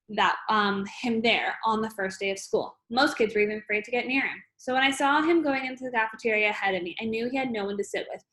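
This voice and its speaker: Woman reading a novel aloud. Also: on the high side. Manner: plain, steady reading with small restarts. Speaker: audiobook reader.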